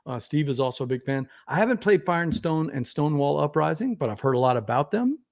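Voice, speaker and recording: Host: man, loose rambling chat, somewhat high-pitched voice. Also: fast. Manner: relaxed, rambling, frequent restarts. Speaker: podcast host. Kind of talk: casual live-show chat.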